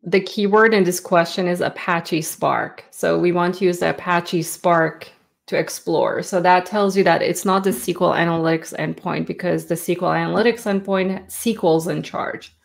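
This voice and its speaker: Woman co-host on a live lesson, low gravelly voice, short explainer bits. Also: steady tone, normal speed. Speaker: livestream co-host explaining answers. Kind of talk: casual livestream teaching.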